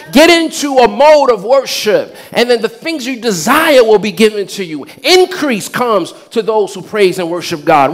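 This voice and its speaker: High-voiced preaching man. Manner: preaching with rising shouts and call-and-response. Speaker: pastor. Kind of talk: sermon. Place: church.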